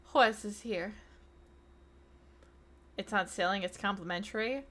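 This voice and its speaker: Bright-voiced excitable woman streamer. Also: medium pitch, a little slow. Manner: chatty, excitable, shouts greetings to chat. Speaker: streamer host. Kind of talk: casual live-stream chat with viewers.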